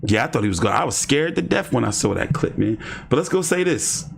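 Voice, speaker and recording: A man's voice: mid-range voice, very animated, fast, gravelly, husky. A man hosting casual boxing commentary, rambling and joking with slang and lots of fillers. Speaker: host.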